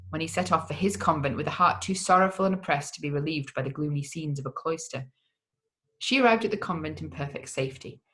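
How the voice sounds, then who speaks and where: Measured reader of gothic fiction. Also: mid-range voice, a bit bright. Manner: measured, deliberate reading with occasional slips and restarts. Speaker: audiobook reader. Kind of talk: reading a gothic novel aloud.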